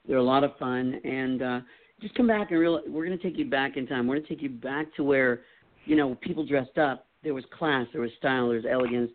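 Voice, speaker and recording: An older man talks as a guest in an easygoing, joking, rambling way. His voice sits at a middle pitch. It comes through a narrow, phone-like line. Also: fairly quick. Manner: jokey, rambling, slips into impressions. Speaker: guest entertainer. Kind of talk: casual interview chat.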